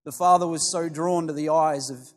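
A man telling a parable in a sermon, in a slow, dramatic storytelling way. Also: on the high side, steady tone. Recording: long hall reverb with soft music.

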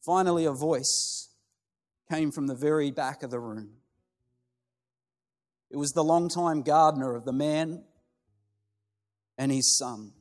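Male preacher telling a story in a hall. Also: a little high. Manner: slow, dramatic storytelling with restarts. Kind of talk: sermon storytelling. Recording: long hall reverb with soft music.

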